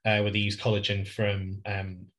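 A man's voice: on the low side, monotone, normal speed, a bit bright. Chatty man co-hosting a podcast. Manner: chatty, laughs often, explains facts. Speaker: podcast co-host. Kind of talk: casual chat with trivia segment.

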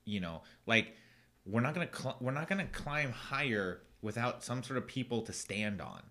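A man co-hosting a podcast in casual chat, rambling with many fillers and restarts and quick to laugh. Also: mid-range voice, big pitch swings, sharp tone. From United States. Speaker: podcast co-host.

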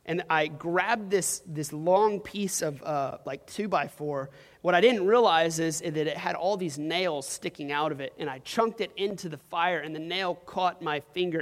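Young man, high voice, casual rambling sermon delivery in a reverberant church hall. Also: a bit bright. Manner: casual storytelling with frequent "like" and "um". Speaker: preacher.

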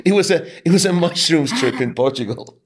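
A middle-aged man hosting a podcast, telling a personal story candidly, with halting restarts. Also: on the high side, breathy edge. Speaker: podcast host. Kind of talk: podcast interview.

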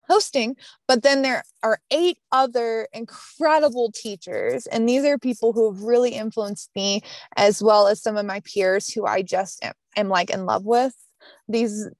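A woman's voice: medium pitch, darkish tone, no room sound. A woman with a Southern accent, a guest on a podcast, talking in a bubbly, chatty way full of fillers. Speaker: podcast guest, business coach. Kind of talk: casual interview chat. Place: mountain home.

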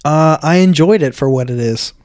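A man chats casually as a podcast co-host, laughing often and answering in an easygoing way. His voice sits a bit high, and the recording is dry and close. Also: moderate pace, darkish tone, no room sound. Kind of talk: casual chat.

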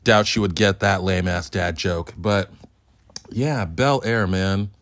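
A man's voice: low voice, slow pace, a bit bright, no room sound, studio quality. A man hosting a solo review podcast, talking in a hyped, profane, joking ramble. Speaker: podcast host.

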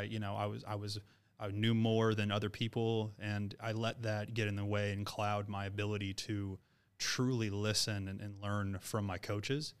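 Blunt, earnest man with a flat, smooth voice. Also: lowish voice. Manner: earnest, blunt advice-giving. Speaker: business owner, guest. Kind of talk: reflective interview talk.

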